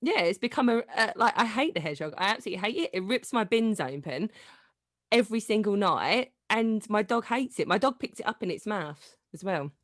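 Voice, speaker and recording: A woman's voice: mid-range voice, lively intonation, fairly quick, dry recording, studio quality. Chatty Cockney woman guest. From London. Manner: chatty, blunt and down-to-earth. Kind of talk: casual chat.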